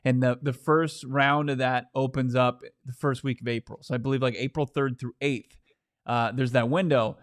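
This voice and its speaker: A man co-hosting a casual sports podcast, animated and playfully exasperated, speaking from a studio. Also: mid-range voice, normal speed. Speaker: podcast co-host.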